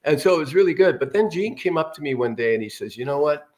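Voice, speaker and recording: A man's voice: a little high, animated, quick pace, darkish tone. Older man telling rambling stories. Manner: rambling anecdotal storyteller. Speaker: guest actor. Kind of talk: casual interview storytelling.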